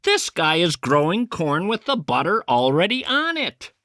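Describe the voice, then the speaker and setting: A man's voice: high voice, wildly swooping pitch, a little slow, bright, forceful tone, no room sound, studio quality. A man hosting a podcast, riffing in a rambling comic monologue with theatrical mock outrage. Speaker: podcast host. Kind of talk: rambling comic monologue and prank phone call.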